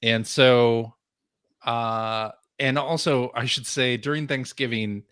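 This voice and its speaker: A man's voice: mid-range voice, fairly even intonation, takes it slowly, a bit bright, clear, resonant tone, dry recording, clean studio sound. A man co-hosting a podcast in casual chat, upbeat and laughing often. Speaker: podcast co-host.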